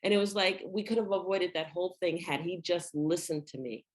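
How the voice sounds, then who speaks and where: A podcast co-host with a lowish voice talks a little fast, spinning animated stories and acting out the quoted lines. It's a casual storytelling conversation.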